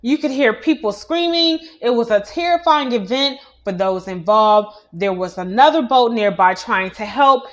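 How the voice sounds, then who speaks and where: A woman's voice: fairly high pitch, lively intonation, normal speed, few pauses. A young adult woman hosting a casual celebrity news show, chatty and opinionated, with many asides. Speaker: news host.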